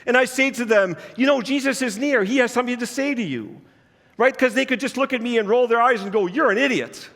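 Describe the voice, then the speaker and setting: High-voiced man preaching in a reverberant hall. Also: fast talker, a bit bright. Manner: earnest, conversational preaching. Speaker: pastor. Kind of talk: sermon storytelling. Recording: long reverb of a large hall.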